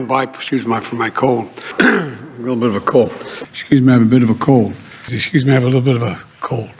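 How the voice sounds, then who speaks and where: A man in his eighties, a politician, speaking in public with a hoarse voice from a cold, coughing and clearing his throat often and apologizing between phrases. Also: medium pitch, fairly quick. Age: 80s. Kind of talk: public speeches and remarks. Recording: clips with clear background noise.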